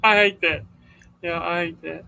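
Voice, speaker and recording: A man's voice: on the high side, steady tone, normal speed, creaky, background noise. A man hosting a casual livestream chat, rambling and chatty, often calling people dude. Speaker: livestream host.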